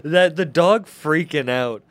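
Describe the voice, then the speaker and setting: An easygoing male podcast host whose voice sits a little high. He asks curious questions in a relaxed chat and laughs freely. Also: takes it slowly, dry recording.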